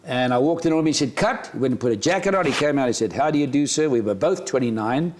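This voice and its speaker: An older man from South Africa, a retired golfer, telling animated anecdotes in an interview and acting out other people's lines. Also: medium pitch, quick pace. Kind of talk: storytelling interview. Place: farm.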